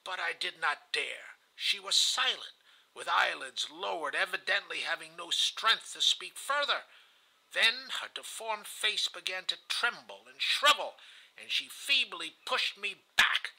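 A man's voice: sits high, lively intonation, a little slow, creaky, bright, forceful tone, rough recording. A man reading a novel aloud in the first person, earnest and confessional. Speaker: audiobook reader.

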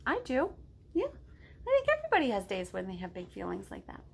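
A middle-aged woman leading a children's storytime, reading a picture book aloud in a gentle, encouraging way and asking the children questions. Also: medium pitch, huge pitch swings, fairly quick, gravelly, husky.

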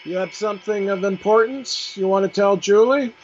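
A man, a paranormal investigator, calling out slow, deliberate questions during a ghost box session. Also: sits high, loud music behind the voice. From Canada. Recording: muffled call line with loud hiss.

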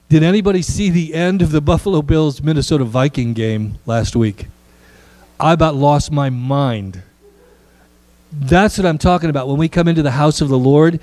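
A man's voice: fairly high pitch, dark tone, dry recording. A man, a pastor giving a playful children's message in church and joking with the kids. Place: church sanctuary.

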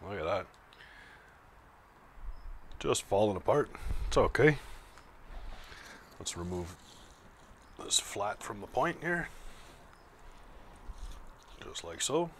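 Low-voiced man chatting through a cooking vlog. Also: slow pace, long pauses, a little hiss or hum. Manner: relaxed, chatty, talks while slicing and tasting. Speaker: barbecue video host. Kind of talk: casual cooking vlog narration.

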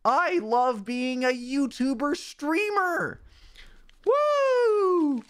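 A man putting on a high, mock-cheerful streamer persona in an exaggerated, sing-song way. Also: expressive, extremely slow, fairly bright tone, heavily acted. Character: over-eager male streamer persona, squeaky and gushing. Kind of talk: comedic parody voice.

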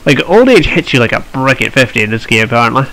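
A man's voice: medium pitch, big pitch swings, fast talker, sharp tone, poor audio. A man hosting a strategy game let's play, chatting and thinking aloud with wry asides. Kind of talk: strategy gameplay commentary.

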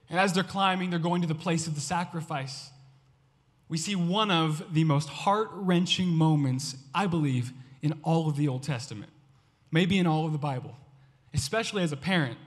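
A male youth pastor preaching a sermon to students with impassioned, repetitive exhortation, swinging from loud urging to hushed storytelling. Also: on the high side, moderate pace, in a large hall.

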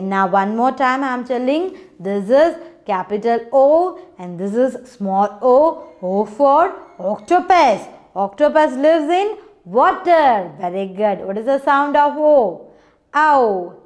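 Teaching little ones phonics, a young woman with an Indian English accent and a high-sitting voice stays patient and encouraging, slipping into brief sing-song chants.

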